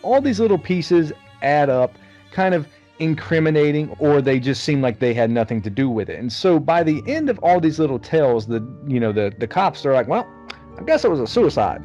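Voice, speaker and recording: A man's voice: fairly high pitch, lively intonation, moderate pace, warm tone, faint music behind. Guy recapping a movie on a podcast, swears a lot, kinda dull lo-fi sound. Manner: storytelling recap, swears casually. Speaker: podcast co-host. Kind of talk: casual movie chat over beers.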